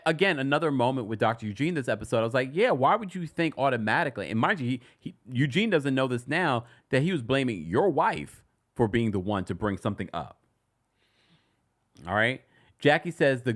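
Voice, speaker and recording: A man hosting a casual reality TV recap, chatty and animated, with sudden high-pitched exclamations. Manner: chatty, many restarts while retelling scenes.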